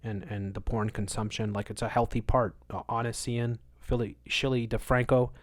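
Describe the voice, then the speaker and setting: A man's voice: fairly low pitch, flat delivery, moderate pace, dry recording, studio quality. Emphatic man ranting on a livestream. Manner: emphatic, moralizing, repeats words for stress; swings between loud outbursts and muttered asides. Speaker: livestream host answering chat. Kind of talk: casual livestream rant.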